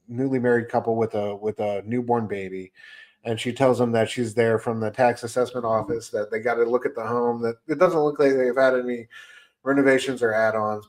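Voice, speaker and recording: A man co-hosting a casual comic book podcast, retelling the story with lots of energy and acting out bits of dialogue. His voice sits in an ordinary middle pitch. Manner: animated retelling, acts out characters' lines. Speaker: podcast co-host.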